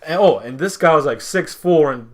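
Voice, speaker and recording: A man talking as a podcast guest, telling a story casually, halting and restarting often, and acting out what others said. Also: on the high side. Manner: halting, with many restarts and repeated words; animated, acts out what others said.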